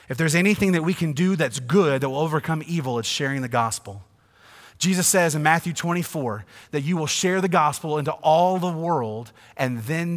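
Male pastor, 30s to 40s, mid pitch, emphatic sermon delivery with hushed dips, long reverb of a church hall. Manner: swings from hushed to loud, emphatic.

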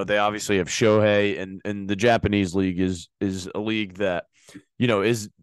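A man's voice: fairly low pitch, clean tone, no room sound. A man hosting a sports podcast, talking casually and rambling with many fillers and restarts. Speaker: podcast host.

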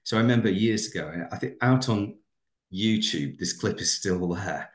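Deep-voiced reflective man. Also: expressive, normal speed, reverberant. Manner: reflective, rambling with fillers. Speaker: podcast co-host and teacher. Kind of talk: casual podcast chat.

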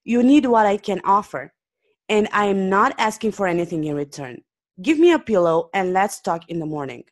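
A quirky wandering man speaks calmly and insists gently on helping, voiced by a woman reading aloud. His voice rises and falls with expression. It is a plain storybook reading voice. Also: medium pitch, moderate pace, close to an everyday voice. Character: calm, quirky wandering man offering help.

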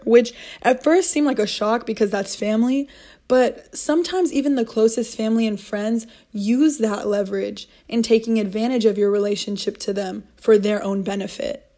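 Mellow and fairly high-pitched, this young woman's voice carries her motivational podcast. As host, she talks in an earnest, encouraging way and circles back to repeat her key points.

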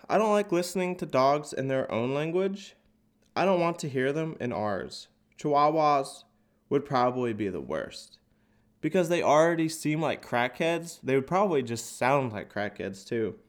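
Stuffy-nosed comic, crude and lively. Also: male voice, mid-range voice, unhurried. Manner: crude, loose, sarcastic. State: stuffy and nasal from a cold. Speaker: podcast host and stand-up comic. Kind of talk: stand-up bit on a podcast. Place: open office, echoey.

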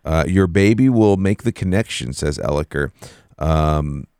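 A young man talking in a relaxed, joking way with a low, gravelly voice. He speaks close to the mic in a dry room with no echo. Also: a little slow. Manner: relaxed, jokey, imitates voices for laughs. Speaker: podcast co-host. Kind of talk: casual chat.

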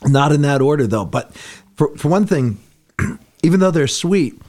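A man's voice: on the high side, lively intonation, measured pace, darkish tone. A man chatting casually on a radio show, often chiming in briefly. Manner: short interjections. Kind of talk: casual chat.

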